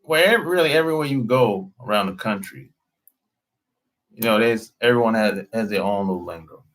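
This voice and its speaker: A man talking casually as a dating coach, slow and drawling, often breaking into laughter. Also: fairly low pitch. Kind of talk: casual live-stream talk.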